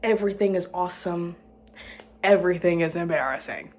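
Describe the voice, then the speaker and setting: A woman's voice: on the low side, brisk, darkish tone, slight background noise. A young woman student talking alone in her room in a casual, rambling way, playful and self-mocking, often repeating herself. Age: young adult. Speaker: student vlogger.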